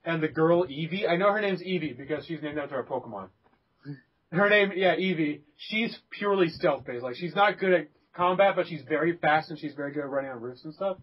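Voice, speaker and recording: A young man hosts a casual gaming podcast with a somewhat high, husky voice. He rambles through his points with fillers, restarts and laughter. The recording is dull and lo-fi. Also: fairly quick. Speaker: podcast host.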